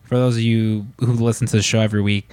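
A man's voice: on the low side, level tone, fast, darkish tone, clean tone, no room sound. A man hosting a casual podcast, telling long rambling stories with lots of fillers and restarts. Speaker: podcast host.

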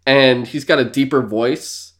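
A young man co-hosting a podcast in casual chat. He tells animated stories, laughing often and swearing freely. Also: medium pitch, unhurried. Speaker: podcast co-host.

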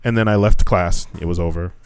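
Male podcast co-host, low voice, lively profane storyteller, dry close sound. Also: fairly quick, clear, resonant tone, dry recording. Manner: animated storyteller, swears freely, acts out quotes. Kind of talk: casual podcast chat.

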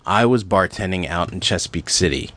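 A man co-hosting a podcast in casual chat, telling animated, profane stories packed with "like.". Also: sits low, fairly quick, no echo. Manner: animated, profane storytelling full of "like". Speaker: podcast co-host.

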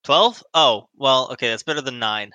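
A man chatting animatedly as a player in a tabletop game. His voice is very bright, recorded close and dry. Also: medium pitch, normal speed, no room sound, muffled recording. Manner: animated, laughing easily. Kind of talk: casual tabletop game chat.

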